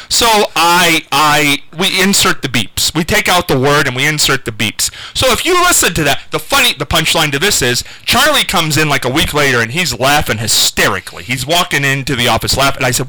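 A male radio host with a very bright, keen tone and a lively pitch that swings up and down. He talks in relaxed banter and tells stories with lots of animation, putting on quoted voices as he goes. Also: moderate pace, low-quality recording. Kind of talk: casual radio chat.

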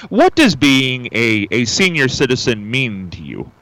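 A man hosting a radio show, interviewing a guest with lively, friendly questions. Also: medium pitch, unhurried, dry recording, rough recording.

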